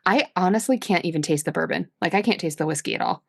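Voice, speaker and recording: A woman's voice: on the low side, quick pace, creaky, no echo. Chatty woman podcast host, dry sound. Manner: chatty, rambling, laughs easily. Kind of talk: casual chat.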